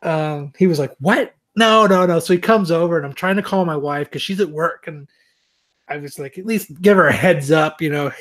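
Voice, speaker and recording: A man co-hosting a podcast, telling a long story in a casual, animated, self-mocking way, with plenty of swearing. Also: fairly high pitch, moderate pace. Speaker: podcast co-host.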